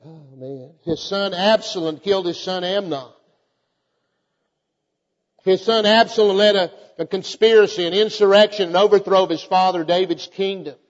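Fervent preacher in a reverberant church. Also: male voice, high-pitched, normal speed. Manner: fervent, repetitive, calls out to the congregation. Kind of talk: sermon. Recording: dull audio with long church reverb.

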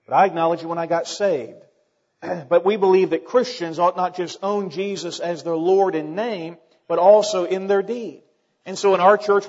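A man's voice: fairly high pitch, darkish tone. A man preaching a sermon as pastor, plainspoken and emphatic, building to fervent peaks. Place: church sanctuary. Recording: muffled church recording with long reverb.

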